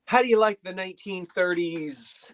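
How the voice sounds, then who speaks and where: A woman's voice: fairly low pitch, expressive, moderate pace. A woman hosting a live online antiques sale from her home, chatty and folksy, often trailing off and restarting as she describes each piece. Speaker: online antiques auction host. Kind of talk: live sale stream presenting. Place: decorated home living room.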